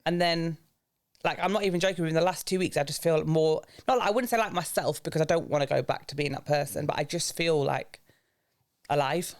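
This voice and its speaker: Young english guy, slightly high voice, opening up on a podcast, honest and reflective. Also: steady tone, a little fast. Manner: open, reflective, speaks of grief in a low earnest tone. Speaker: podcast guest. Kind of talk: candid personal podcast talk.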